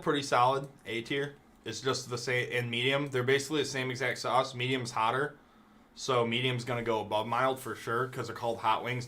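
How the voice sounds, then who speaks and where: A man's voice: mid-range voice, sharp tone. A man streaming live, ranking things in a casual, profane, mock-outraged rant.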